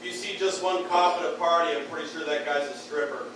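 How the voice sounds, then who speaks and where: In a beer hall, a man performs a stand-up set of crude one-liners and needles the crowd. His voice is fairly high and steady at a quick pace, recorded from a distance in an echoey room full of bar noise.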